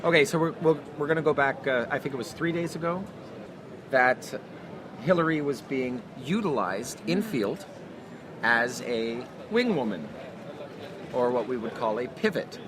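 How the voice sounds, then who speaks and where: A man co-hosting a podcast in animated casual chat outdoors, repeating phrases for emphasis. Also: medium pitch, normal speed. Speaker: podcast co-host. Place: busy city street outdoors. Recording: outdoor street crowd noise. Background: passing crowd and traffic.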